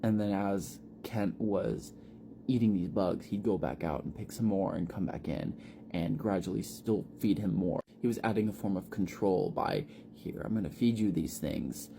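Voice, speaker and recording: A man casually recapping a story in a relaxed, conversational way. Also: sits low, normal speed, vocal fry, noisy background.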